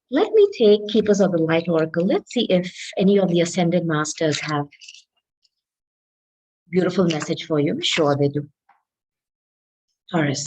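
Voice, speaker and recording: A woman's voice: medium pitch, poor audio. A woman giving a tarot reading, talking straight to the listener in an earnest, coaxing way and often checking in with "okay?". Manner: reads card messages aloud slowly. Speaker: tarot reader.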